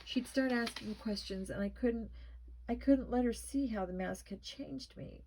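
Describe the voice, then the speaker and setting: A woman narrating a spooky children's story with a tense, expressive reading. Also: on the high side, measured pace, slight background noise, rough recording. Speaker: storybook reader.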